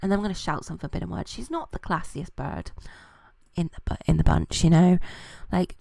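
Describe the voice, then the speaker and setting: British gaming channel girl rambling through a let's play, lowish gravelly voice, dry sound. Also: a little fast, a little mellow, no room sound. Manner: chatty and rambling, with many fillers. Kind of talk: casual let's-play commentary.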